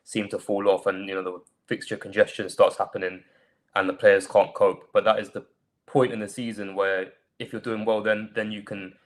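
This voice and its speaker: Guy with a lowish voice talking football, calm and reasoned. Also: normal speed. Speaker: fan channel panelist. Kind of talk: casual football analysis.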